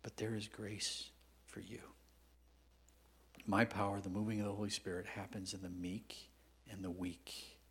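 Husky preacher swinging from whispers to shouts. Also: male voice, fairly low pitch, little pitch movement, measured pace, long pauses. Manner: conversational storytelling, swinging from hushed whispers to loud emphatic outbursts. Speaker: guest pastor. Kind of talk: sermon.

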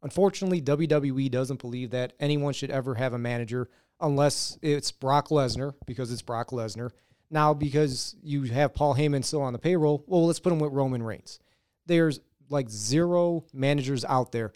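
A man's voice: mid-range voice, moderate pace, darkish tone, smooth, no echo, studio quality. A man from the Chicago area talking emphatically and argumentatively as a podcast co-host. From Chicago area, USA. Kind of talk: casual wrestling chat.

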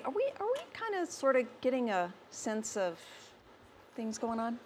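Her voice sits a little high and swings widely in pitch as she delivers a sermon. Slow and emphatic yet conversational, she keeps asking her listeners questions, with a slight hiss or hum in the background.

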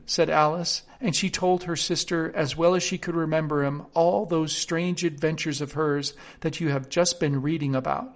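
A man narrating a storybook in a steady, clear reading voice. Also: on the high side, normal speed, few pauses.

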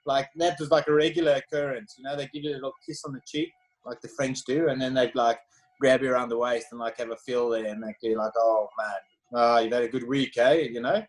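Speaking fast at a medium pitch, this podcast guest, a South African man in his thirties who used to race bikes professionally, swaps stories in easygoing conversation. His accent is South African, his telling leans heavily on fillers, and the audio quality is low.

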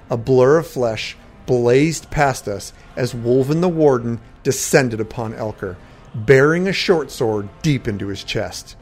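A man's voice: medium pitch, a little slow. Man narrating a fantasy story over music. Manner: dramatic, steady narration. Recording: faint background music.

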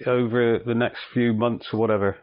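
A man's voice: mid-range voice, level tone, a little fast. A man hosting a casual football podcast, asking easygoing, teasing questions. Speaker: podcast host, interviewer. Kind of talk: casual interview. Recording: dull lo-fi sound.

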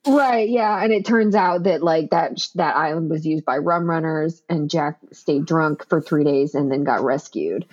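Woman, lowish voice, casual movie chat, dull lo-fi sound. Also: unhurried, hardly any pauses, a little mellow. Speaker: podcast co-host.

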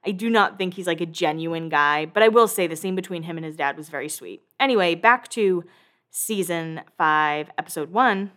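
A podcast host in her thirties gossips through a casual, chatty reality show recap. Her voice is lowish and fairly bright, and she swears freely while acting out the cast's lines in quick bursts.

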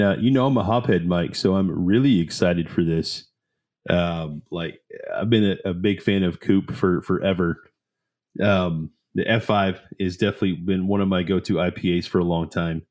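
Man, low voice, enthusiastic, rambling casual chat, lots of ums. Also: a little mellow. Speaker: co-host of a beer tasting show.

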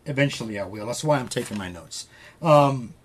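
A man's voice: medium pitch, animated, brisk, a little hiss or hum. A man hosting a podcast, casually retelling a story with loose quoted dialogue and frequent swearing. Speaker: podcast host.

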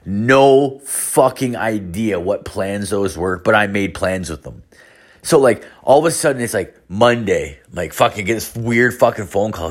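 A man in his thirties talking through a casual podcast monologue, wandering from thought to thought. He swears constantly and pokes fun at himself, restarting sentences as he goes. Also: fairly low pitch. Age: 30s. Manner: rambling, heavily profane, self-mocking. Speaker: podcast host.

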